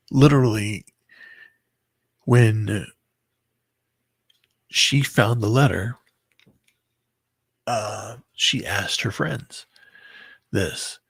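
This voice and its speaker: Husky gravelly man recounting a breakup. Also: lowish voice, no room sound. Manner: halting and rambling, heavy filler words, bitter. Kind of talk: emotional personal storytelling.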